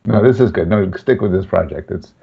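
A man's voice: sits low, brisk, creaky, husky, muffled recording. A male podcast guest in casual chat, blunt and playful. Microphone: video call.

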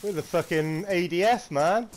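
A man in casual voice chat while gaming, excitable and sweary, with bursts of shouting. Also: sits high, moderate pace, slight background noise. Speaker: player. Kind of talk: casual gaming banter with friends.

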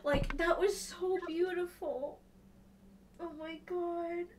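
A young woman streaming a live reaction from home, gushing and tearful with excitement. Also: very high voice, slow pace, far from the mic, noisy background.

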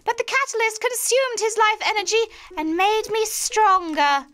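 A woman's voice: very high-pitched, expressive, normal speed, sharp tone, voice pushed up, heavily acted. A woman voicing a grieving, power-hungry mad male scientist in a theatrical witchy voice. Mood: furious ranting. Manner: theatrical witchy cackling delivery.

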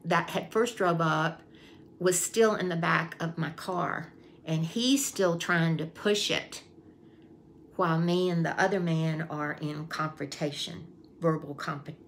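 A woman tells a personal story to her camera in a low, gravelly voice, taking her time. She is chatty and repeats phrases as she acts out what she thought back then. A faint hiss sits under the recording. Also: a bit bright. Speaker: vlogger. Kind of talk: casual storytelling.

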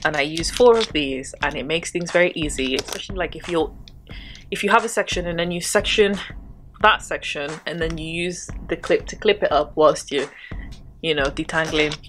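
A woman's voice: low-pitched, normal speed, fairly bright tone, a little hiss or hum. A woman chatting casually about hair care tools, with rambling, self-deprecating asides. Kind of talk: casual chat.

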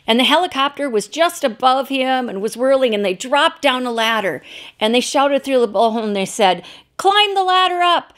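Woman pastor, sermon storytelling, gravelly fry, slightly high. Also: fairly bright tone. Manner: storytelling, unscripted with fillers and restarts.

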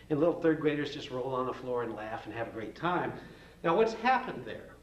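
A man's voice: medium pitch, very animated, quick pace. A man teaching a psychology lecture in a folksy, joking way, with playful asides. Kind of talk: recorded classroom lecture. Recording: roomy, distant, dull lo-fi with faint hiss.

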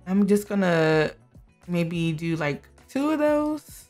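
A woman's voice: lowish voice, very animated, slow pace, darkish tone. Young woman, chatty gameplay talk, bosses her sims around, laughs a lot, faint music behind. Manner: chatty, talks to her characters, laughs often. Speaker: gameplay streamer. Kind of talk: casual gameplay commentary.

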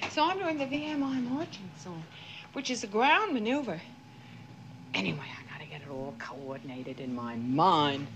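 A woman's voice: fairly low pitch, expressive, normal speed, reverberant, lo-fi sound. A middle-aged woman in candid documentary conversation, theatrical and restless, laughing as she talks. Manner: theatrical, restless, sings and laughs while talking. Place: old house, indoors. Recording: old 1970s documentary film sound with hiss.

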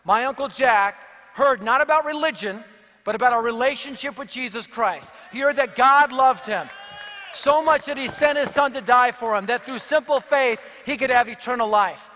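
A high-pitched man delivers a sermon full of jokes and punchy stories. His voice is bright and carries force. It rings out with long reverb in a large hall. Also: normal speed, slight background noise. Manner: energetic, punchy, joking. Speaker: evangelist speaker. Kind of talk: sermon with humorous storytelling.

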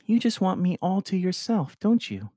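A man voicing a quirky, playful teenage girl who talks softly and teases. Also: high-pitched, big pitch swings, normal speed, no echo, studio quality, voice pushed up. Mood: teasing.

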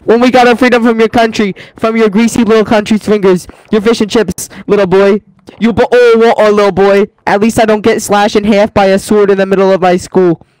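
High-voiced taunting man. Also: flat delivery, fairly quick, darkish tone, smooth, dry recording, rough recording. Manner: taunting, mocking. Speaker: other player. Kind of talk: in-game voice chat trash talk.

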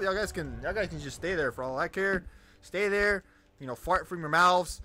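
Loud cursing young man playing a game. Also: sits high, normal speed, soft background music. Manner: loud, swearing, talks to the monsters. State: voice getting hoarse. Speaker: gamer. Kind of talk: let's play commentary.

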